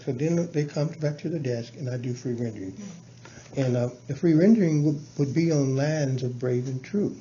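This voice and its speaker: A man explaining his teaching plans to a colleague in a halting, casual way, full of fillers and restarts. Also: warm tone. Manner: halting, many restarts and fillers, breaks into chanted syllables and sung verses. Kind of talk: casual explanatory talk on lesson planning. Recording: dull low-fi with faint background noise.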